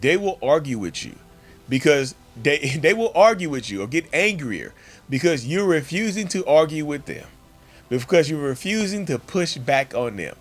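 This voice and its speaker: A man's voice: fairly high pitch, very animated, normal speed. A man hosting a casual, emphatic monologue for his channel and addressing viewers directly as y'all. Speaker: channel host.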